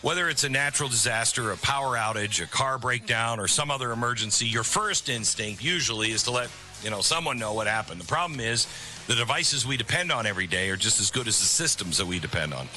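A man's voice: mid-range voice, animated, quick pace, sharp tone, soft background music. A middle-aged man hosting a talk radio show, speaking in a conversational, rambling way with sarcastic asides. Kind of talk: talk radio monologue with live ad read.

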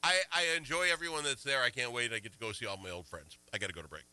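A man hosting a casual political talk radio show, animated and indignant, swinging between loud outbursts and quiet asides. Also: mid-range voice, racing, poor audio. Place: Minnesota.

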